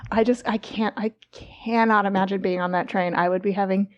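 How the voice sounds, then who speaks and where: A woman hosting a podcast in casual chat, chatty and quick to laugh. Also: medium pitch, steady tone, no room sound, dull audio. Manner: giggly, chatty. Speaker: podcast co-host.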